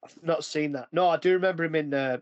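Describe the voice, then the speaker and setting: Rambling, chatty man with a fairly high voice. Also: fast talker, no echo, dull audio. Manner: rambling, chatty, often breaks into acted quotes. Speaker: podcast host. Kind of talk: casual chat.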